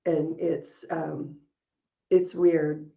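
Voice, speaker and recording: A woman's voice: low voice, flat delivery, drawn-out words, vocal fry, warm tone, lo-fi sound. A woman co-hosting a podcast, telling stories in casual chat and laughing often as she talks. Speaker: podcast co-host.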